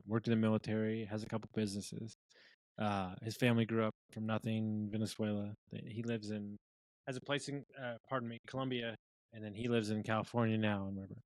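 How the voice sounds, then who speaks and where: A man's voice: lowish voice, steady tone, brisk, a bit bright, no room sound, poor audio. Podcast host man, dry sound. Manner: conversational, affirming, with restarts. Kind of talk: casual interview chat.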